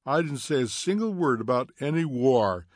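A man's voice: medium pitch, animated, moderate pace, no room sound, studio quality, natural voice. A man doing a prim gossipy lady. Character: prim, gossipy society woman.

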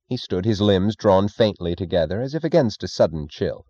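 A man giving a measured, scripted audiobook narration. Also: fairly low pitch, lively intonation, dark tone, dry recording, highs cut off.

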